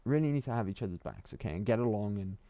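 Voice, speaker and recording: A man's voice: on the low side, animated, racing, mellow, no echo. A man streaming a game and chatting casually to his viewers, rambling and repeating himself with frequent chuckles. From Wales. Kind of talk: casual livestream chat to viewers.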